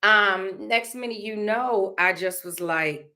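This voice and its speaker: A woman's voice: mid-range voice, slow pace, bright, forceful tone. Candid woman talking to her vlog. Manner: candid, rambling, with laughs and many fillers. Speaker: vlogger. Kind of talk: casual heartfelt vlog talk.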